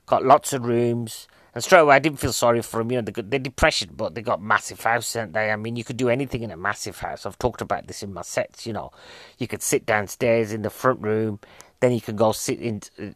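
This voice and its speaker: A stand-up comedian talks through a rambling comic monologue. He keeps putting questions to his listeners and drifts off into tangents. His voice sits at an ordinary middle pitch, recorded dry and close with no room sound. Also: fairly quick, dry recording. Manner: chatty, asks the audience questions, goes off on tangents. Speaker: stand-up comedian reviewing a film.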